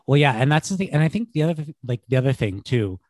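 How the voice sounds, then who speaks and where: A man's voice: medium pitch, sing-song, quick pace, a little mellow, dry recording. A man in his thirties co-hosting a podcast, chatting casually and enthusiastically with lots of "like" fillers. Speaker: podcast co-host. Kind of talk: casual chat.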